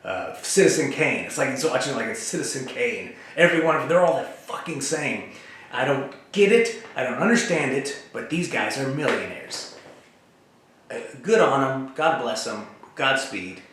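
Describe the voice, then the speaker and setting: Rambling deadpan man in an echoey room. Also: mid-range voice, slight background noise. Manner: rambling, deadpan, jumps between topics; halting, many fillers and restarts. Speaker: host. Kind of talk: rambling comedic monologue to camera.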